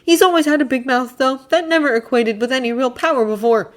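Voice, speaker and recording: A woman's voice: high voice, fairly even intonation, fairly quick, pitched above the performer's own voice, close to an everyday voice. A woman doing a sardonic, exasperated schoolboy wizard. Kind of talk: fan audiobook character voice.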